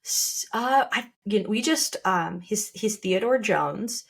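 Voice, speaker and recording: A woman's voice: medium pitch, animated, slow pace, vocal fry, breathy edge. A young woman on a podcast, talking casually and reflectively about becoming a mother, often restarting her sentences. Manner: reflective, with frequent restarts and laughter. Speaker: podcast co-host sharing her birth story.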